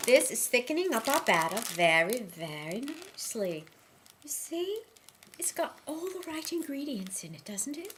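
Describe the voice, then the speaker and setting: Playful high-voiced woman, lively and slow. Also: a little hiss or hum. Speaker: comic cooking demonstrator. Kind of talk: mock cooking show comedy.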